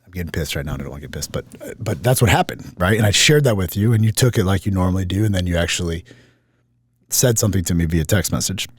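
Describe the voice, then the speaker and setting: A middle-aged man with a deep, low voice hosts a podcast conversation. He talks raw and emotional, cursing freely as he opens up. The recording is close and dry. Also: lively intonation, fast talker, husky, no room sound. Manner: raw, emotional, swears often. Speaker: podcast host.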